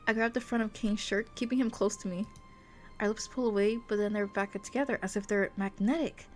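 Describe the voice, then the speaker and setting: A woman's voice: mid-range voice, steady tone, brisk, soft background music. Giggly woman streamer reading romance aloud. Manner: giggly, gushing asides between dramatic narration. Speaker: VTuber streamer. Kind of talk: reading a romance visual novel aloud with reactions.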